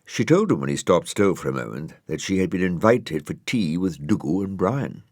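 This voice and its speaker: A man narrating a children's storybook in a gentle, wry manner. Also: sits low, very animated, moderate pace, no room sound, clean studio sound.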